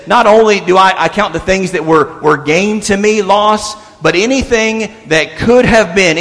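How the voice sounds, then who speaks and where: A man preaching in a church sanctuary, his fairly high voice trailing off into a long hall reverb. He is emphatic, repeats his key lines, and drops to a hush for asides. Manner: emphatic, repeats key lines, swings between loud and hushed. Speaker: pastor. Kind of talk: sermon.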